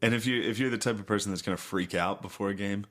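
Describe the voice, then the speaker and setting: A man's voice: lowish voice, fast talker, fairly bright tone. A young man co-hosting a podcast, telling sports stories in crude, casual talk and swearing freely. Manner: drawling, swears, acts out quotes. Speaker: podcast co-host. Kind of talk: casual crude chat, storytelling.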